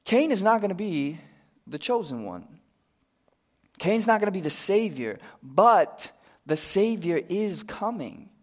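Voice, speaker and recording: A man preaching a sermon as pastor, earnest and unhurried, sinking to a hushed voice for his appeals. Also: sits high, very animated.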